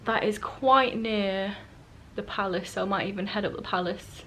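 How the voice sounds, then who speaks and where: A woman's voice: mid-range voice, normal speed, fairly bright tone, a little hiss or hum, poor audio. Woman vlogger rambling about her trip day, chatty and a bit self-mocking, talks to camera. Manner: chatty and self-mocking, acting out what people said. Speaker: travel vlogger. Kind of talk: casual storytelling to camera. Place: holiday rental flat.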